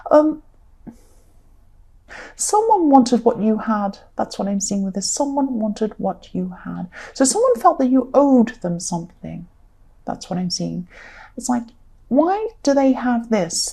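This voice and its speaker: Woman, croaky tired voice, warm mellow tone, tarot reading, repetitive rambling talk. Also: medium pitch. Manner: rambling, repeats herself often. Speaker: tarot reader.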